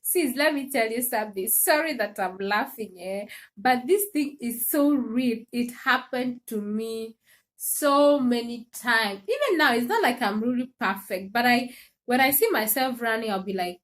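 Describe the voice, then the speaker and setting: A woman, her voice sitting a little on the high side. She talks in a loose, chatty way and laughs often as she speaks straight to her viewers. This is an easygoing livestream monologue. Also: expressive, normal speed. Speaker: livestream host.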